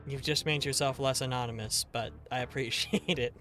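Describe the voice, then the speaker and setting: A man's voice: mid-range voice, steady tone, fairly quick, bright, forceful tone, faint music behind. A man streaming a game live, chatting casually and jokingly and greeting viewers as "darling".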